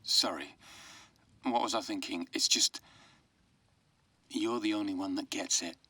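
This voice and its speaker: An actor playing an anxious grown man who leaves a halting, urgent, apologetic voice message in a game. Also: fairly low pitch, pushed and bright, husky, no room sound, heavily acted. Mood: urgent, worried. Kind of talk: game voice acting.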